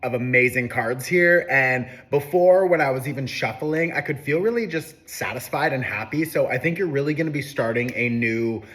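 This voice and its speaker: A man's voice: medium pitch, animated, moderate pace, few pauses, a bit bright. A man giving a casual, upbeat horoscope and tarot reading, talking loosely with plenty of fillers. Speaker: tarot reader.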